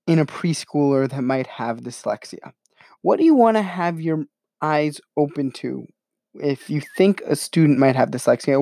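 A man's voice: a little high, a little mellow, no room sound, studio quality. A young man hosting a casual educational talk, rambling and self-reflective with many fillers. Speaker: channel host.

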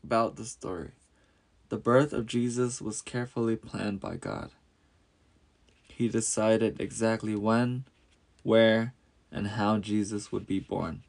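A man reads a storybook tale aloud in a steady, measured way. His voice sits low and has a gravelly, creaky texture. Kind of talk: scripted storybook narration.

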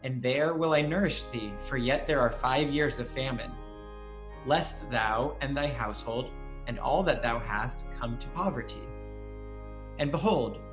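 A man reading old scripture aloud in a measured, deliberate way, then trading jokes in casual chat as a podcast co-host. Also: mid-range voice.

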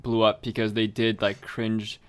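A man's voice: on the low side, completely flat delivery, measured pace, over a noisy crowd. A young man, the podcast co-host, chatting casually and chiming in with laid-back remarks. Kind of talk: casual chat.

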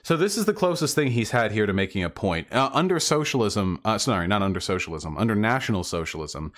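A man's voice: fairly low pitch, lively intonation, fast, a bit bright. A man hosting a reaction commentary video, rebutting clips in a sarcastic, mocking way.

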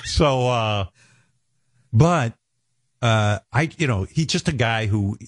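A man's voice: medium pitch, expressive, takes it slowly, dry recording, studio quality. A man from New hosts a radio show, telling rambling stories full of profanity and fillers. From New York. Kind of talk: casual radio show banter.

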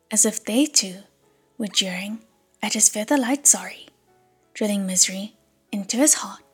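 Slow whispering woman audiobook narrator. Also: mid-range voice, husky. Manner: hushed, whispering.

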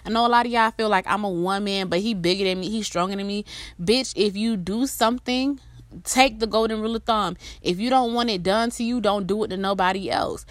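A woman's voice: medium pitch, a little fast, a bit bright, dry recording, studio quality. Blunt, foul-mouthed woman ranting. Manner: blunt, emphatic, heavy swearing, storytelling asides. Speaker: vlogger giving relationship advice. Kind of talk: casual profane rant to viewers.

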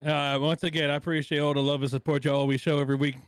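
A laid-back, jokey man co-hosting a casual podcast. His voice sits a little high, and the sound is dry and close. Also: little pitch movement, racing, dry recording. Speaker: podcast co-host. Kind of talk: casual group chat.

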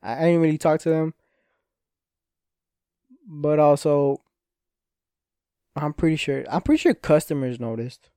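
A man's voice: a little high, unhurried, long pauses, warm tone, smooth, no echo, clean studio sound. A young man hosting a solo podcast, rambling and swearing freely, often cutting himself off mid-thought. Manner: rambling, frequent swearing, self-interrupting. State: injured hand, restless. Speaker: podcast host. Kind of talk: casual solo podcast monologue.

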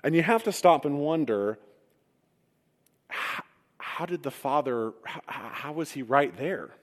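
A man's voice: a little high, animated, unhurried. A man preaching a sermon, retelling a story with humorous asides. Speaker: pastor. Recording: long reverb of a large hall.

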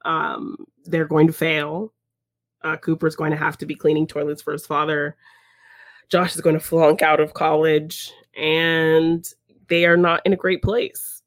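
A woman's voice: sits low, level tone, unhurried, no echo. Chatty woman, dry close sound. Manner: laughs often, chatty, many fillers. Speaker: podcast co-host. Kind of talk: casual chat recapping a film.

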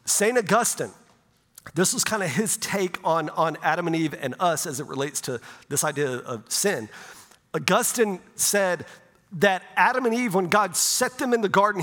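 A man's voice: high voice, fairly bright tone. A middle-aged male pastor preaching a sermon in a conversational way, often checking in with "right?". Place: church sanctuary. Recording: long church reverb.

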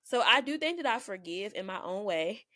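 A woman with a Southern US accent co-hosting a podcast in casual chat, talking fast so her words run together. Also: medium pitch, lively intonation, pushed and bright, no echo, studio quality. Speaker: podcast co-host.

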